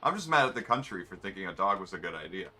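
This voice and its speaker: Low, bright-voiced New gamer. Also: male voice, very animated, quick pace. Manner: rambling, wry, offhand asides while playing. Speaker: gamer streaming a race. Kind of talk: casual gameplay commentary.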